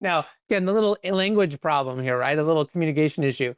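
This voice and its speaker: Guy on a podcast telling a story, quick and animated, smooth clear voice, no room echo. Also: on the high side, clean studio sound. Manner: animated, quick, peppered with "like" and "right?". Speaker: podcast guest, company leader. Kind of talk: conversational storytelling.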